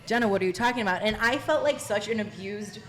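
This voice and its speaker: A young woman hosting a casual podcast, telling expressive stories with lots of "like.". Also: mid-range voice, fast, faint music behind. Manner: chatty, expressive storyteller with frequent "like" and bursts of laughter. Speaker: podcast host.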